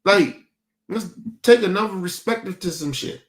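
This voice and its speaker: His voice high-pitched and his speed normal, a young streaming show host rants casually to his audience about his family. He's heated, swears a lot, and keeps repeating himself.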